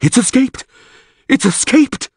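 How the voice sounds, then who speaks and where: A man voicing an excitable onlooker who shouts in excitement. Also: extremely high pitch, slow, breathy edge, no room sound, studio quality, voice pushed up, exaggerated voice. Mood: excited.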